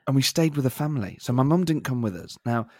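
A man's voice: medium pitch, lively intonation, fast talker, darkish tone, no room sound, clean studio sound. A man from Nottingham, England, co-hosting a podcast in a casual chat and telling a self-mocking story. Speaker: podcast co-host.

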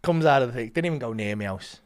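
A man telling a story as a comedian guest, swearing a lot and acting out quotes with big swings in loudness. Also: mid-range voice, animated, fast talker. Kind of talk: animated storytelling.

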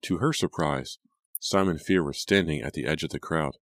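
A man narrating a horror audiobook in a measured, scripted delivery. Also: rumbling low, no echo.

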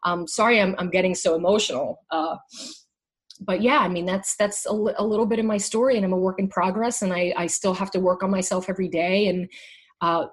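A middle-aged woman candidly sharing her personal story in an emotional conversation, halting and restarting often. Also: fairly low pitch, fairly even intonation, husky.

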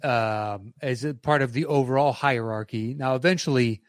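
A man's voice: mid-range voice, normal speed, dry recording, clean studio sound. A man in casual podcast talk, rambling enthusiastically about a movie he loves, with frequent restarts. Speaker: podcast co-host. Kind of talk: casual film discussion.

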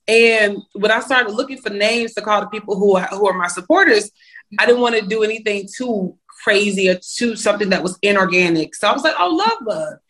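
A woman's voice: mid-range voice, a bit bright. A young woman singer, a guest in a casual interview, chatty and laughing, with preachy asides.

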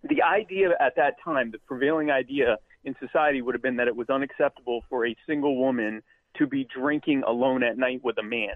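A man's voice: medium pitch, brisk, no echo. Rambling Southern man on a tinny line. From American South. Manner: rambling, joking, many fillers and restarts. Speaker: podcast co-host. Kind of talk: casual live show banter.

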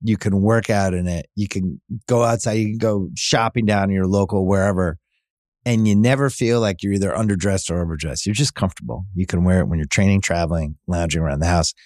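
A man reading a host-read podcast advertisement in an upbeat sales pitch. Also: fairly even intonation, a little fast, darkish tone, dry recording, clean studio sound. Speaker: ad reader.

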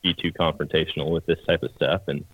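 A man on a podcast casually telling a hunting story in a relaxed, chatty, plain-spoken way. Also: a bass voice, fast, breathy edge, dry recording, phone-quality sound. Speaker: podcast co-host, hunter.

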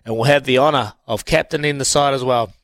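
A man's voice: mid-range voice, fairly even intonation, fast, fairly bright tone, no echo. A man hosting a casual radio sports show, laid-back and chatty.

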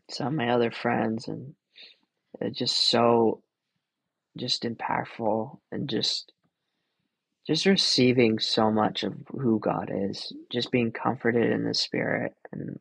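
A young man in his twenties talking through a personal faith story at an unhurried pace. His voice is gravelly and husky, and the sound is dry and close. He talks earnestly and rambles, with lots of fillers. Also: medium pitch, dry recording, poor audio. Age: 20s. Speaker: podcast host. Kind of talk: casual personal faith testimony.

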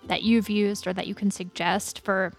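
A woman hosting an interview and asking calm, measured questions. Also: medium pitch, soft background music. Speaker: host. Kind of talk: interview host.

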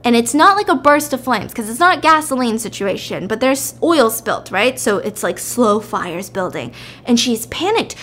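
A woman's voice: a little high, normal speed. A woman hosting a podcast, casually retelling a film plot and acting out the quotes. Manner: animated, acts out the quotes. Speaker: podcast host.

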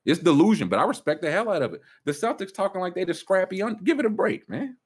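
A man hosting a casual sports talk show, ranting with big swings up in pitch when worked up. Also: big pitch swings, fast, husky. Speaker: sports podcast host.

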